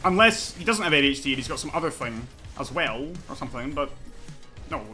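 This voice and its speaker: Streaming a competitive online game, a man rants heatedly, swearing as he argues a point and berates himself for his plays. He talks fast with an expressive, sharp, medium-pitched voice, and faint music plays in the background.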